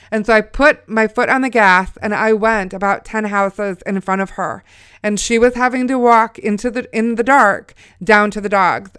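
A woman's voice: mid-range voice, fairly bright tone, clear, resonant tone, no echo, studio quality. A middle-aged woman, a mother, telling a faith story in an earnest, exhorting way. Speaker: mother sharing a faith testimony. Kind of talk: Christian storytelling talk.

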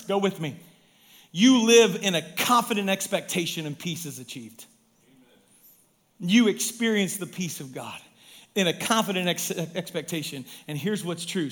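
A man, a pastor, preaching a sermon in an emphatic way, swinging from loud stresses down to hushed, quiet lines. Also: high voice.

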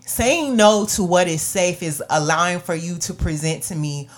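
A woman with a slightly low voice speaks earnestly on a faith podcast. Her talk is emotional and prayerful, full of restarts as she works through her thoughts. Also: normal speed. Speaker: podcast co-host.

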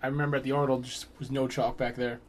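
A man's voice: mid-range voice, level tone, fast, slight background noise. A man co-hosting a casual podcast, adding short easygoing comments. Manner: brief, easygoing chimes. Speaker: podcast co-host. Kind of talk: casual chat.

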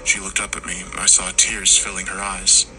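A man reading a scripted horror story in slow, hushed tones, sometimes dropping to a whisper. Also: sits low, completely flat delivery, soft background music, low-quality recording. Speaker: narrator.

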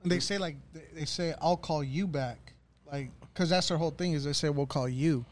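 A middle-aged man who used to teach talks in an easy, reflective way, pausing on fillers as he remembers. His voice sits slightly high for a man. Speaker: former teacher, podcast guest. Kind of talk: casual chat.

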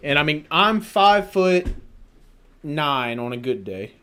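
A man in casual chat, swearing a lot and telling animated stories with acted-out quotes. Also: a little high, slow pace, clean tone.

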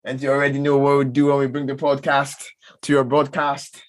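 A man's voice: mid-range voice, monotone, a little fast. Chatty young Nigerian man hosting a podcast. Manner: chatty, rambling, self-deprecating. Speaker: podcast co-host. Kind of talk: casual podcast chat.

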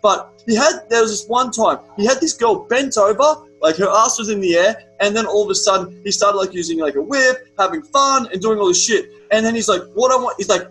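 A young Australian man in casual chat, telling an animated story with lots of swearing. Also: sits high, a little fast, hardly any pauses, slight background noise, rough recording. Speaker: podcast guest.

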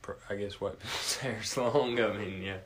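A man's voice: fairly low pitch, normal speed, a bit bright, slight background noise. A man in a casual conversation, mostly chiming in with brief agreement.

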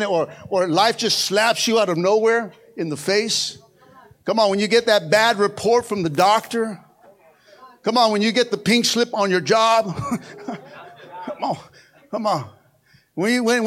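A male pastor preaching a sermon in a church with call-and-response phrases. He swings between loud exclamations and quiet, low passages, and often laughs. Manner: call-and-response preaching, frequent "come on" and "amen"; laughs often, playful asides. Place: church sanctuary.

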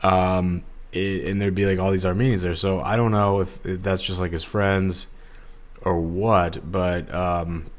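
A man's voice: deep voice, flat delivery, measured pace. A man hosting a solo podcast, talking in a rambling, digressive, casual way with lots of fillers. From Los Angeles area. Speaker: podcast host.

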